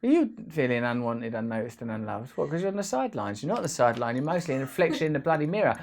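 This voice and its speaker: Guy chatting away on his vlog, bit gravelly and fry-ish, jokey and rambling. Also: mid-range voice, very animated, racing, few pauses, darkish tone, slight background noise. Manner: rambling, playful, jokey asides. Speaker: host. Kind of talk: casual vlog monologue.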